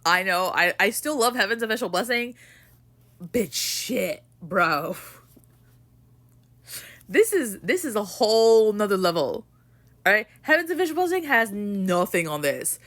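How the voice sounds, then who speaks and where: A woman's voice: medium pitch, sing-song, unhurried, long pauses, fairly bright tone. A young woman ranting emotionally about a book in a casual vlog, swearing and rambling with lots of "like". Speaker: book vlogger.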